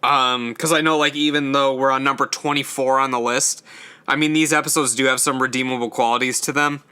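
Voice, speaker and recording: A man's voice: medium pitch, steady tone, brisk, pushed and bright, clear, resonant tone. A young man hosting a casual solo ranking show, talking in a chatty way with lots of fillers and stumbling over his words now and then. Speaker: host ranking episodes.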